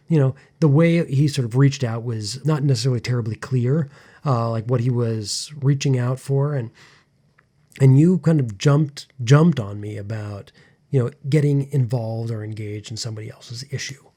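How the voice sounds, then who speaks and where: Halting, mellow-voiced man reflecting aloud. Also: medium pitch. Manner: searching, halting, full of restarts. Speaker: podcast co-host. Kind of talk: reflective conversation with partner.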